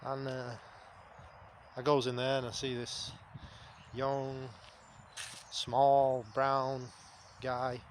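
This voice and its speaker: A man's voice: mid-range voice, completely flat delivery, drawn-out words, long pauses, slight background noise. A man, talking to camera in a blunt, rambling, sweary monologue. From England. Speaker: vlogger. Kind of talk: casual spoken monologue.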